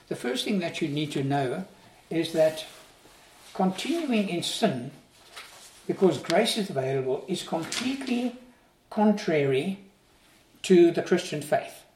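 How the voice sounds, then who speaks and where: A man with a fairly high voice preaches in an earnest, emphatic way and keeps putting questions to his listeners. He sounds set back from the microphone in an echoing room. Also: darkish tone. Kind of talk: sermon. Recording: roomy sound, voice from a distance.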